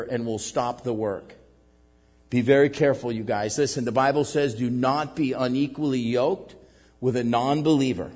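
A male pastor preaching a sermon with animated energy. He acts out little scenes and keeps asking "right?" and saying "man.". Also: a little high, in a large hall.

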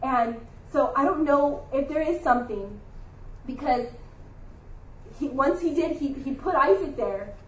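Earnest high-voiced woman teaching scripture. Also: expressive, measured pace, echoey room, far from the mic, rough recording. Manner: earnest, confessional, heartfelt. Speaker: Bible study speaker. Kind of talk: Christian devotional teaching.

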